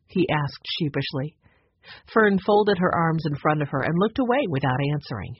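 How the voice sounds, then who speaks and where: A man's voice: a little high, lively intonation, moderate pace, slightly rough, no room sound, lo-fi sound. A man narrating an audiobook, voicing each character in turn. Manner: acts out each character with a changed voice. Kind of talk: scripted narration.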